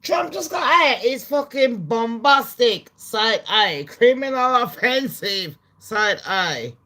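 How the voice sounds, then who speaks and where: Woman, bright voice, unhurried, swearing gossip vlog. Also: a little high. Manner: animated, swearing, laughing asides. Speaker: commentary vlogger. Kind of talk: profane gossip commentary.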